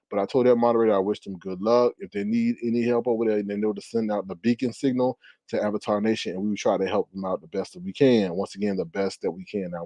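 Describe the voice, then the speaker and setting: A man's voice: medium pitch, a little mellow, dry recording, dull audio. A man hosting a casual livestream gossip show, chatting and laughing as he talks straight to his viewers. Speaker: YouTube commentary host.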